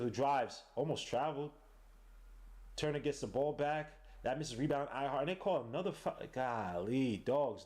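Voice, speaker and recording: A man hosting a podcast, giving live play-by-play commentary on a game he is watching, excitable and slangy, bursting into shouts at big plays. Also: mid-range voice. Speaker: podcast host.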